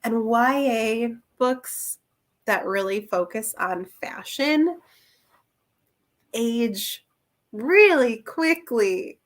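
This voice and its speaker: A young woman chatting casually through a book review, rambling with plenty of fillers and little laughs. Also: fairly high pitch.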